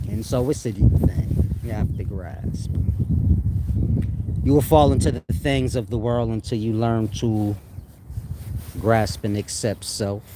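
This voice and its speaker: A man's voice: lowish voice, unhurried, long pauses, heavy background noise. A man talking casually to his online audience in a slangy, rambling way, laughing often as he reads and answers viewer comments. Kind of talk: casual spoken monologue.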